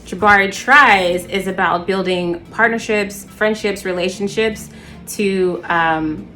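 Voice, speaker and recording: A woman's voice: medium pitch, slow pace, sharp tone. Chatty woman host, casual book talk, light music bed under her. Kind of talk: casual book review chat.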